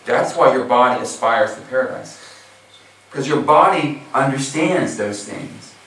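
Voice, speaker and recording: A man's voice: mid-range voice, lively intonation, unhurried, a bit bright, a little hiss or hum. American man preaching in an echoey hall. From USA. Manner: casual, chatty, heavy use of filler phrases. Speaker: Muslim preacher. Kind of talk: sermon. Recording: echoey hall recording from far off.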